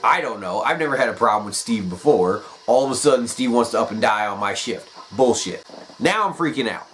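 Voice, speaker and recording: Profane, animated male storyteller. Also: mid-range voice, brisk, slight background noise, poor audio. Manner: profane, animated, swearing freely. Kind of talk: comedic personal storytelling.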